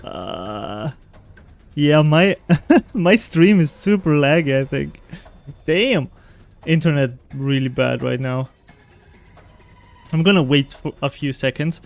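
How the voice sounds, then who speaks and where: A British gaming streamer plays through a game in casual let's-play commentary, animated and jokey as he talks to himself and his viewers. His voice is on the high side and gravelly, slow with frequent pauses, with faint music behind him.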